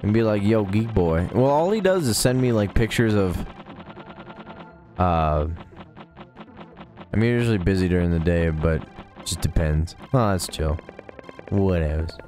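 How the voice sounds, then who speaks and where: A man's voice: sits low, sing-song, measured pace, long pauses, darkish tone, soft background music. A young man rambling casually on a live game stream, laid-back and swearing now and then.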